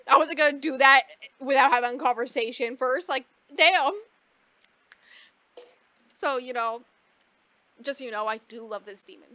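A woman co-hosting a podcast, casually recapping a book in a rambling way, swearing freely and acting out the characters in quick asides. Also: sits high, bright, forceful tone, no echo. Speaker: podcast co-host. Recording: dull lo-fi dry recording.

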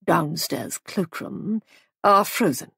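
A woman's voice: lowish voice, expressive, slow, vocal fry, sharp tone, slightly rough, no echo, studio quality, full character voice. A woman voicing a stiff, guarded older army man who speaks in a clipped, terse way in an audiobook. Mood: tense.

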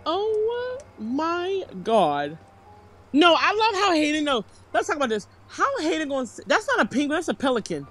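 Shrieking high-voiced woman gamer. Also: moderate pace, a little hiss or hum. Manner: excitable, shrieks and laughs often. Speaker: gaming streamer. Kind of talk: reacting to a horror game.

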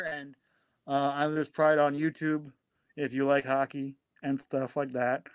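A man's voice: fairly high pitch, little pitch movement, moderate pace, fairly bright tone, smooth, dry recording. A man co-hosting a podcast, rambling with fillers and teasing his co-host in a mock-prudish way. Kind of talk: casual podcast chat.

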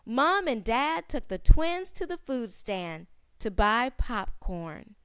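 Brief: woman phonics teacher, slow and clear, repeats each sound softly. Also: a little high, very animated, dry recording, clean studio sound. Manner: stretches and repeats sounds, drops to soft repeats. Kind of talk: slow storybook phonics reading.

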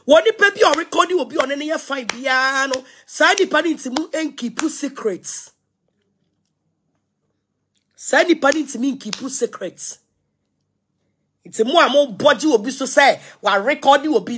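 A woman's voice: sits high, expressive, fairly quick, a bit bright. A middle-aged Ghanaian woman ranting on social media, defiant and scolding, repeating herself as she mixes languages. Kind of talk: ranting live video.

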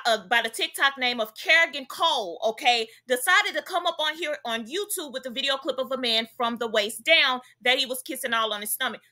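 Bright, sassy woman gossip vlogger. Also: sits high. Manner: sassy, emphatic, constant "okay?" tags. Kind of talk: chatty gossip commentary.

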